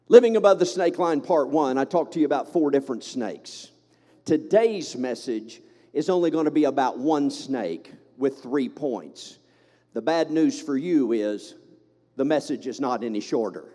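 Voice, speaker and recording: A man's voice: mid-range voice, animated, normal speed, warm tone, long reverb tail. A man with a Southern American accent preaching a fervent sermon on a microphone, mixing joking asides with the congregation into his preaching. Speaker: pastor. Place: church sanctuary.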